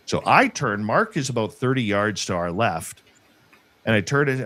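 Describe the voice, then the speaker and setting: Animated man telling a field story. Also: on the low side, moderate pace, long pauses, no echo. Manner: animated, acts out quoted voices. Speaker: guest telling an encounter story. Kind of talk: casual storytelling.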